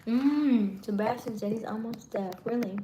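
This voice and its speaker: A woman hosting a live stream, chatting casually with viewers in a soft voice that trails off at the ends of words. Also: on the high side, normal speed, roomy sound, slight background noise. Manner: chatty, many fillers.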